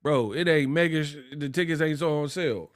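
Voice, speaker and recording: A man's voice: on the high side, a little fast. Slangy Bay man ranting on boxing. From Bay Area, California. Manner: animated, slangy and mocking, puts on voices for quotes. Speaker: boxing commentator. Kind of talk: casual ranting commentary.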